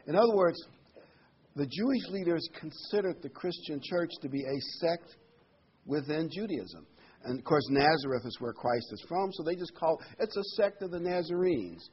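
A man's voice: on the high side, expressive, normal speed, slightly rough, muffled recording. A man preaching a Bible sermon in a conversational, emphatic way, his voice rising sharply on key words.

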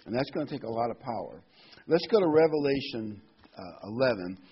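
A man with a husky voice delivers a sermon, leaning hard on key scripture words. The recording sounds dull and lo-fi. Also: medium pitch, expressive, a little fast. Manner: emphatic, reads and stresses scripture words. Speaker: preacher.

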